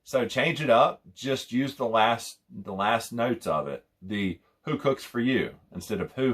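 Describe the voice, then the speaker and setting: Animated but unhurried, this young hunting call instructor rambles through his demonstration with few pauses, repeating himself and mimicking owl hoots. His voice is medium-pitched, fairly bright, and slightly rough.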